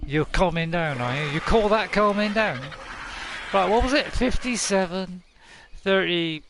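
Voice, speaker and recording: Brief: excitable game streamer, high bouncy voice, noisy game audio behind. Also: male voice. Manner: excitable, laughs often, talks to himself. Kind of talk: casual gameplay commentary.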